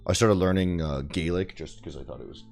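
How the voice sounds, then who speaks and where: Low-voiced guy streaming, loose bro slang, mumbles then gets loud, faint music under it. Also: brisk, creaky. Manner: loose and slangy, calls viewers bro and boys. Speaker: trading streamer. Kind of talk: casual live-stream chat.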